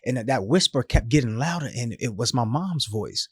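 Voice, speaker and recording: A man in his thirties telling his life story as a podcast guest, animated and emphatic, with slangy phrasing, often acting out other people's voices. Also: medium pitch, moderate pace, slightly rough, dry recording, studio quality. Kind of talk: storytelling in a casual interview.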